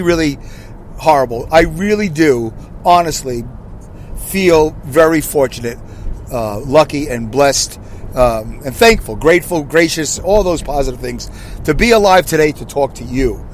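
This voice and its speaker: A man's voice: fairly high pitch, lively intonation, normal speed, a little hiss or hum. A man in his sixties hosting a casual solo podcast from his car, rambling and correcting himself, and asking listeners questions. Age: 60s. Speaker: podcast host.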